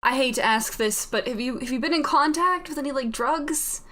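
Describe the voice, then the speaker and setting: A woman's voice: high-pitched, moderate pace, fairly bright tone. A woman voicing an easygoing adult father who jokes with his son and calls him buddy. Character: laid-back teasing single dad, adult man.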